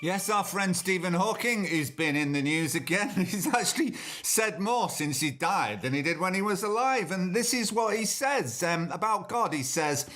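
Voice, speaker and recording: A man hosts his podcast in a loose, sardonic ramble, full of ums and casual swearing. His voice sits a little high. Faint music plays underneath. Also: animated, normal speed, few pauses, pushed and bright. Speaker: podcast host. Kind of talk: casual solo podcast chat.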